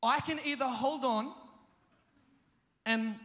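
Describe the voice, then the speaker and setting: A young preacher with a very high voice delivers a humorous storytelling sermon, animatedly mocking his own mishaps and often laughing mid-sentence. The large hall gives his voice a long reverb.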